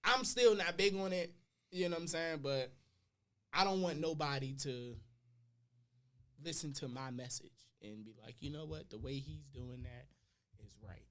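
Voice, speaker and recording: A young adult man, a podcast guest, telling personal stories in casual slang, his voice swinging between loud and quiet. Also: fairly high pitch, normal speed.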